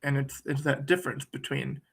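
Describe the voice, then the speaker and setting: A man's voice: mid-range voice, steady tone, fairly quick, gravelly, breathy edge. A man talking in a thoughtful, conversational way, often repeating words while he searches for them. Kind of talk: reflective conversational talk.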